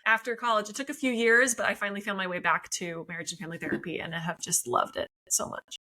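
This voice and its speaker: A woman in her thirties speaks as a therapist guest on a podcast, her voice bright and forward. She explains her points in a friendly, easygoing way and laughs easily. Her pitch sits at an ordinary middle height. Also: steady tone, quick pace, rough recording. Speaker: marriage and family therapist guest. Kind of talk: podcast interview.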